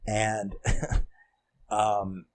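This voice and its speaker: A man's voice: lowish voice, monotone, drawn-out words. A man casually retelling a movie plot, rambling and swearing, acting out the characters' lines. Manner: rambling, profane, acts out quotes. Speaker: movie reviewer.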